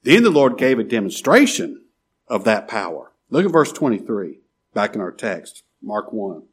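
A male pastor in the middle of a sermon, his voice slightly husky. His pitch rises and falls in wide, lively sweeps. He drives points home with rhetorical questions and sudden quiet murmurs. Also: moderate pace.

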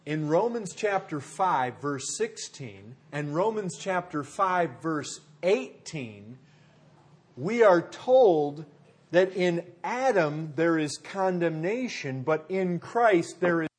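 A man with a somewhat high-pitched voice delivers a sermon in a plain, conversational manner. He poses rhetorical questions and addresses his listeners as folks. He often drops to a low, quiet voice to drive a point home. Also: animated, slow pace. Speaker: pastor.

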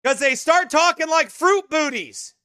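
High-voiced, scornful man preacher. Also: measured pace, no room sound, clean studio sound. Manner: emphatic, scornful, bursts into shouts. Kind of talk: sermon-style commentary.

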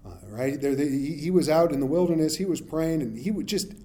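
Casual guy preaching, kinda high voice but mellow, keeps saying right? and acts out the bible people. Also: brisk. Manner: conversational, asks "right?" often, acts out Bible characters. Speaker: pastor. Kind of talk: sermon.

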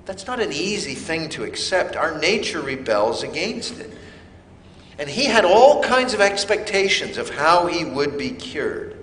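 A man preaching a sermon, slow and emphatic with dramatic pauses. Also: fairly high pitch, very animated, a bit bright, roomy sound, big-room sound. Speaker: pastor.

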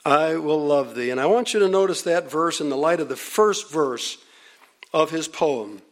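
Earnest male preacher, higher voice. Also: animated. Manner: earnest, emphatic, with repeated phrases and shifting pace; reads hymn and scripture lines slowly. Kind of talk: sermon.

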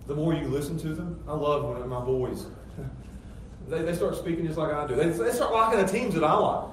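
A man's voice: a little high, moderate pace. Man preaching in an echoey church. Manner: emphatic preaching, rising loud on rhetorical questions. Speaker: pastor. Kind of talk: sermon. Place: church sanctuary. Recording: very echoey church hall, distant mic, faint noise.

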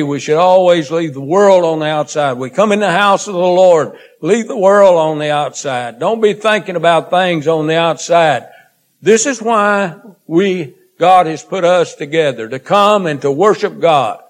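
Slow, earnest preacher man. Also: a little high, lively intonation. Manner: slow, earnest, with drawn-out phrases and trailing quiet endings. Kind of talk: sermon.

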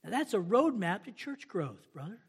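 A man's voice: high voice, very animated, moderate pace, slightly rough. A male pastor preaching a conversational sermon, posing rhetorical questions and playing out his listeners' replies.

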